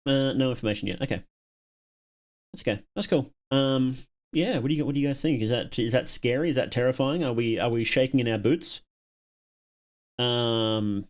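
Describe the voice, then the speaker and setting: Chatting with viewers and reacting to videos on his casual livestream, this Australian host speaks at a medium pitch. He chuckles frequently and repeats words while working through his thoughts.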